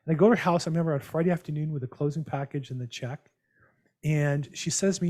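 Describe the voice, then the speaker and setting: A man hosting a real estate call, telling animated, rambling stories with many restarts over a video call. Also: a little high, quick pace. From United States. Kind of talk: casual storytelling on a video call.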